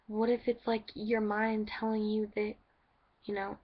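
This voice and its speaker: Woman vlogging casually, rambling and filler-heavy, flat monotone delivery, muffled lo-fi sound. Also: mid-range voice, a little slow. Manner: rambling, full of "like" and restarts. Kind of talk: casual storytelling vlog.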